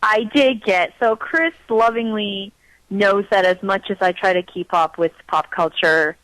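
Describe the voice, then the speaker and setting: A woman co-hosting a casual podcast, excitable and gushing, rushing through her quoted asides. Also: mid-range voice, no room sound, low-quality recording. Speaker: podcast co-host.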